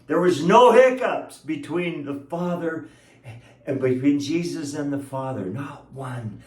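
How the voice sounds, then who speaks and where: A man's voice: on the high side, expressive, a little slow, far from the mic. Emphatic man preaching in an echoey room. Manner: emotional, emphatic preaching with stretched-out words and chuckles. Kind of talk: sermon.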